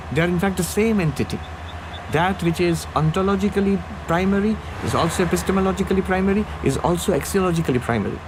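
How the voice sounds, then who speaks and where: A man giving a philosophy lecture, explaining ideas step by step with frequent pauses and fillers. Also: mid-range voice. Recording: lecture under vehicle noise.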